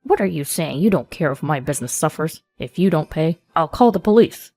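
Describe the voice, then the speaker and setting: A woman's voice: sits low, lively intonation, brisk, warm tone, no room sound, soft background music. Woman voicing a bullying older steakhouse owner. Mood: indignant. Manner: blustering, menacing.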